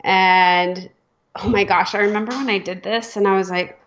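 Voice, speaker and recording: A woman's voice: medium pitch, steady tone, normal speed. A woman talking as a podcast guest and business coach, explaining with frequent laughs. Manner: warm-hearted, laughs often, thoughtful explaining. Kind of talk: casual podcast chat. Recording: slightly dull lo-fi audio.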